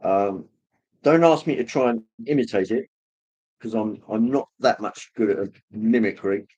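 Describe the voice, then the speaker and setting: A man hosting a livestream, casually rambling as he reads viewer comments, with many pauses and fillers. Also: lowish voice, mellow, breathy edge, muffled recording. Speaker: livestream host reading chat. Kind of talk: casual chat.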